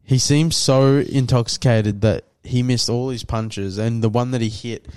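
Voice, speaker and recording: A man's voice: medium pitch, unhurried, smooth. A man co-hosting a podcast, telling a story full of swearing and acted quotes in casual chat. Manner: swears often, animated retelling with acted quotes. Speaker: podcast co-host.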